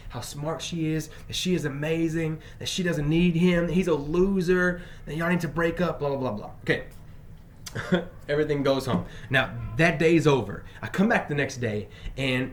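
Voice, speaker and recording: A male teacher telling a personal story in an emphatic way, moving between loud bursts and quiet asides. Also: medium pitch, a little hiss or hum. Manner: frequent fillers and restarts.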